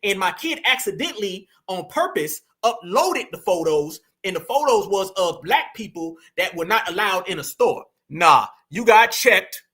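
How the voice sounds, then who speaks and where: A man's voice: high voice, expressive, normal speed, few pauses, bright, forceful tone, breathy edge. A man hosting a fired-up online commentary, emphatic and preachy, calling his viewers family.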